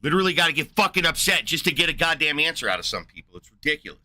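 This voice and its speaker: A man with a very bright, sharp voice that sits fairly high, pressing a challenger with heated, profane questions. He sounds frustrated and angry throughout. The sound is close and dry. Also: very animated, no echo. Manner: combative, profane, rapid questioning. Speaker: livestream host. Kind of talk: heated livestream rant.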